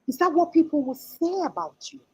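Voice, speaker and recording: A woman's voice: high-pitched, very animated, a little fast, rough recording. A woman in her forties giving an earnest, emphatic motivational talk as a life coach, often restarting her sentences.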